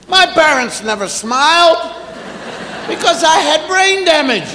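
A middle-aged man doing an animated stand-up routine, acting out parents scolding children. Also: extremely high pitch, unhurried. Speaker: stand-up comedian. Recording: echoey live hall.

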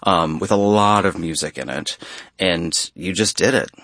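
A man with a very low voice tells a backstage story as a radio interview guest. He talks in an animated way, often restarting his sentences. The sound is close and dry, with no room around it. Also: normal speed, dry recording. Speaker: interview guest, stage actor.

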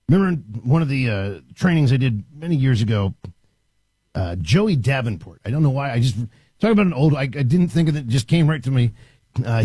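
A male talk radio host speaking from a studio in a lively, swinging delivery. His voice is husky and fairly high for a man, with a close, dry sound. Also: no echo. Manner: animated, emphatic with frequent restarts.

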